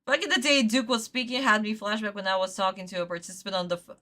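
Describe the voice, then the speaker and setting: A woman's voice: mid-range voice, fairly even intonation, fast talker, few pauses, bright, forceful tone. A woman from Russia, ranting in exasperation and swearing while reacting to an anime on a livestream.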